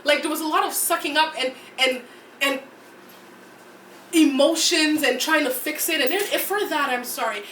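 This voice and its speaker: On a reality-TV review podcast, this female co-host talks casually and gossipily, rambling and restarting as she goes. She speaks at a normal pace in a high, bright voice with a forceful tone. The mic sits at a distance in a roomy space, and there's a little hiss or hum.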